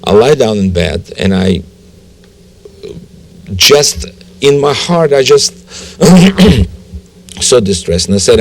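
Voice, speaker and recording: A man telling his personal conversion story in a TV interview, halting and emotional, with many restarts. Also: medium pitch, big pitch swings. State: tearful. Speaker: guest telling his testimony.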